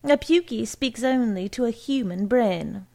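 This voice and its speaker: An overly polite, fawning male salesman, put on by a woman narrator. He speaks formally in a gravelly voice at a slow pace. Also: on the high side, lively intonation, a little mellow, heavily acted. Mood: smooth.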